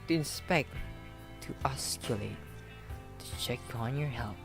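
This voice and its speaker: A man's voice: mid-range voice, a little slow, creaky, long pauses, soft background music. A man reading a visual novel aloud with running commentary, tripping over words and mocking himself. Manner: self-mocking, trips over words and laughs. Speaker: gaming YouTuber.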